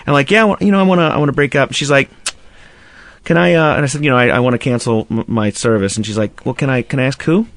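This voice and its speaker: A man's voice: medium pitch, fast, a bit bright, dry recording. A man hosting a radio talk show, telling a long profane story and acting out both sides of a phone call. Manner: profane storytelling with mimicked dialogue. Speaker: radio host. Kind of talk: casual radio banter.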